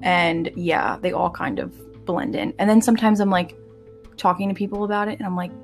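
A woman's voice: lowish voice, fairly even intonation, brisk, faint music behind. A young American woman hosting a podcast, chatting casually in a bubbly, giggly, rambling way full of fillers. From United States. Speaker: podcast host. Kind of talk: casual chat.

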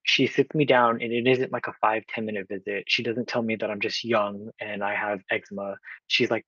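Bright and forceful yet slightly rough, this fairly low-pitched man's voice stays flat and moves a little fast. He's in his twenties, from Oakland, California, earnestly telling his own story as a podcast guest, acting out others' words with frequent fillers. The recording has no room sound and the highs are cut off.

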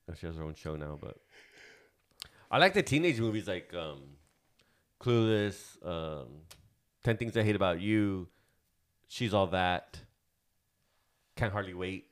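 A podcast co-host in his thirties rambles loosely and swears freely, packing his talk with fillers. His deep, clean-toned voice is animated yet unhurried, and he pauses often.

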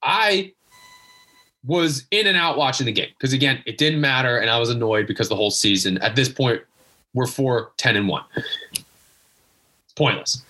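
Exasperated husky-voiced young man. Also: medium pitch, normal speed, long pauses, sharp tone. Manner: exasperated, emphatic, repeats himself. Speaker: guest sports fan. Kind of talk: casual rant.

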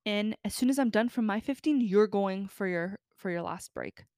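A woman's voice: mid-range voice, moderate pace, darkish tone, dry recording, studio quality, natural voice. A woman quoting her bossy, irritated woman supervisor in a curt, scolding voice while telling a story. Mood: threatening.

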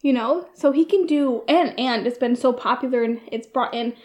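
A woman's voice: fairly high pitch, normal speed, darkish tone. A woman co-hosting a casual podcast chat, giggling often and rambling with frequent restarts. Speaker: podcast co-host.

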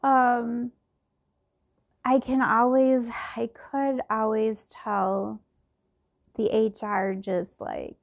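Slow, rambling woman with gravelly voice. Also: on the high side, little pitch movement, muffled recording. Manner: slow, meandering, with many fillers and restarts. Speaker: podcaster. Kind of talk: casual personal reflection.

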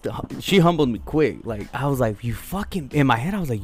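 A man telling a crude story in casual chat, rambling and profane, loudly acting out what people said. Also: mid-range voice, sing-song, brisk, breathy edge. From Zacatecas, Mexico family roots. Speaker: podcast co-host.

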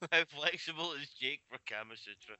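A man with a very bright, slightly high voice, trading crude jokes in relaxed podcast chat. He laughs often and talks casually. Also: moderate pace, no room sound, low-quality recording. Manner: laughing, joking banter. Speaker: podcast co-host. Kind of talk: casual group chat watching a film.

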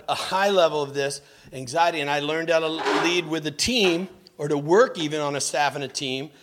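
A male pastor preaching with a voice set a bit high for a man. He talks like he is telling a story, keeps asking the audience questions, and slips into over-the-top voices to act out what he once thought. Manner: lively storytelling preacher who jumps into mocking voices; asks the audience direct questions. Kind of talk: sermon.

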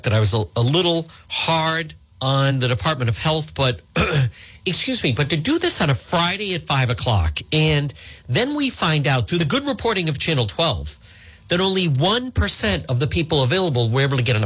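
A man hosting a talk radio show, delivering a combative, animated monologue full of asides and restarts, with a husky voice. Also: fairly high pitch, moderate pace.

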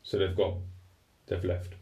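An unhurried, mellow male voice with an English accent recounts a personal story candidly, swearing freely and speaking with raw emotion. He sounds distant from the mic, with a roomy echo.

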